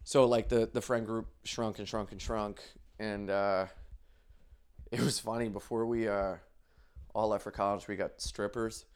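A young man, a comedian, telling stories in a loose, profane monologue, laughing often and swinging his pitch widely. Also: little pitch movement, unhurried, smooth. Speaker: comedian podcast host. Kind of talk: casual storytelling monologue.

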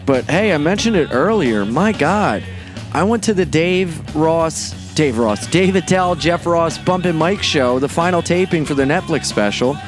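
A man hosting his own podcast, a comedian talking in a brash, profane, excitable monologue. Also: on the high side, a little slow, music in the background. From Delaware. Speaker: podcast host and stand-up comedian.

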